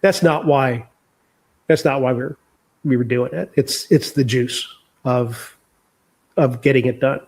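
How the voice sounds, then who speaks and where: A man's voice: mid-range voice, unhurried, long pauses, darkish tone. An older man speaking candidly and reflectively as an interview guest, sharing his memories. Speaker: author guest.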